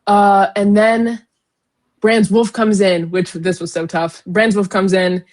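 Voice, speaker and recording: A young woman co-hosting a casual book discussion, retelling chapters in an animated way with lots of fillers. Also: medium pitch, slow. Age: young adult. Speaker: podcast co-host.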